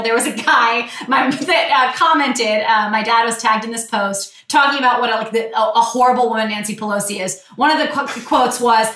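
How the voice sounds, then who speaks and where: Bright-voiced young woman podcaster. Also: on the high side. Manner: candid, animated, laughs often, swears. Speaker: podcast co-host. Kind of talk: casual chat. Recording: roomy, distant mic.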